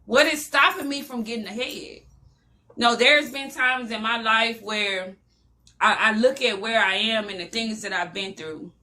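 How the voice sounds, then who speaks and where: Bright-voiced woman sharing testimony. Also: fairly high pitch, a little slow. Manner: emotional storytelling, preacher-like cadence, repeats phrases. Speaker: motivational talk host. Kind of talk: personal testimony in a motivational talk.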